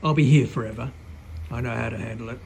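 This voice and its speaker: A man's voice: medium pitch, steady tone, quick pace, gravelly, a little mellow, breathy edge. A man doing a bragging, rambling president. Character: boastful blustering male president impression.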